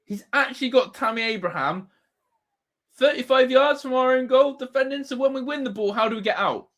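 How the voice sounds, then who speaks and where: A man's voice: extremely high pitch, fairly quick, fairly bright tone. A man hosting a live football watch-along, ranting and swearing in exasperation at his team. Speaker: fan channel host.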